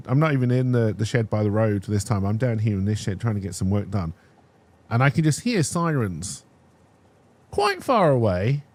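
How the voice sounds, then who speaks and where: A young man telling a casual personal story as a streamer, animated and restarting his sentences, checking in with "right?". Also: medium pitch.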